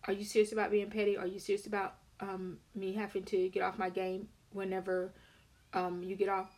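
A woman's voice: medium pitch, completely flat delivery, a little fast, a little mellow, natural voice. Petty, aggrieved grown man, whiny, mimicked by a woman. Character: annoyed, petty adult male partner.

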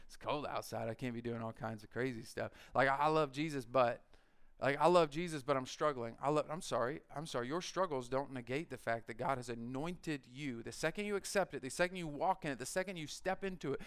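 A man preaching a lively, conversational sermon, acting out little voices and building to loud peaks. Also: on the high side, clean tone. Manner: energetic and conversational, acting out voices, rising to shouts. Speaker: pastor.

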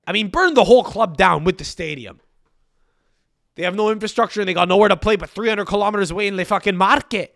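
A man's voice: high voice, fast, gravelly, fairly bright tone, dry recording, clean studio sound. A young man hosting a solo podcast, ranting with frequent swearing and exasperated asides. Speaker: podcast host.

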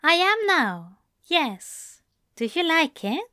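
A woman doing a soft, doting male angel. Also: extremely high pitch, very animated, slow pace, no room sound, studio quality, pitched above the performer's own voice, exaggerated voice. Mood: tender. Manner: soft, coaxing, affectionate. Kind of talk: fan fiction reading.

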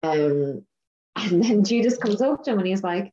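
A woman co-hosting a podcast, excitedly retelling a film in casual chat and laughing often. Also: medium pitch, normal speed, lo-fi sound, slight background noise. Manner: animated storyteller, laughs often.

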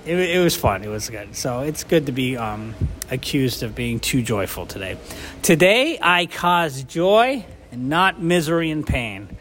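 A man on a casual recovery podcast talks in an earnest, grateful way, often stopping and restarting his sentences. His voice sits at an average pitch, with a faint hum of noise behind it. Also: big pitch swings, measured pace, a bit bright. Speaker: podcast co-host.

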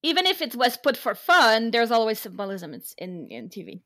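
A woman co-hosting a casual TV recap chat, animated and quick to laugh and swear. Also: fairly high pitch. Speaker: podcast co-host.

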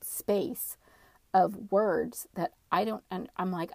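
A woman telling a personal story casually, in an animated, dramatic way. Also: medium pitch, slow pace, vocal fry, dry recording, clean studio sound.

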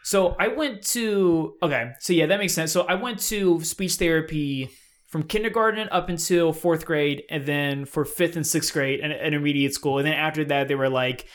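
A young man co-hosting a podcast in casual chat, with soft R sounds, laughing often and rambling. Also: a little high, moderate pace. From South Carolina. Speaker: co-host.

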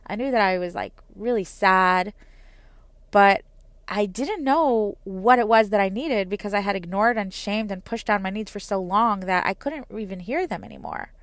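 A woman's voice: medium pitch, normal speed, no room sound. Earnest woman talking about her needs. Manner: earnest, with frequent "like" and restarts. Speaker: mother. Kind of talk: personal reflective talk.

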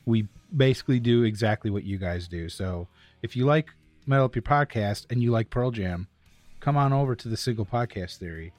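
A man's voice: medium pitch, a little fast, darkish tone, no echo, faint music behind. A man chatting as a guest co-host on a podcast, laid-back, with short replies and easy laughs. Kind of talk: casual chat.

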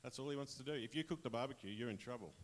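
A man's voice: mid-range voice, very fast. An Australian man casually sharing a personal testimony with his church, chatty and rambling, often laughing.

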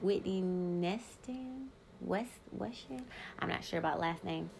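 A woman in her thirties hosts a solo podcast, her voice carrying a steady gravelly fry. She talks frankly and swears freely, speaking straight to her listeners in loose, unscripted chat. Now and then she reads old yearbook messages aloud in the same easy way. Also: fairly low pitch, slow, a little hiss or hum. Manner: candid, profane and emphatic, talks straight to listeners. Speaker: podcast host.

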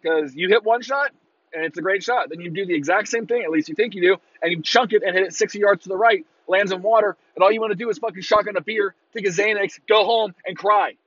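A man ranting casually on a podcast, swearing freely and breaking into loud mocking impressions of fans. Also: sits high, quick pace, breathy edge, no echo, muffled recording. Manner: profane, exasperated ranting with mocking shouted impressions. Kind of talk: casual rant.

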